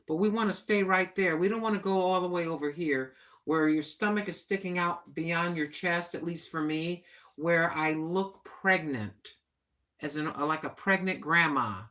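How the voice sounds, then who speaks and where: Bright-voiced older woman chatting. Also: fairly low pitch, moderate pace. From United States. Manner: plain-spoken, chatty and earnest. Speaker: vlogger. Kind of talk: casual livestream chat.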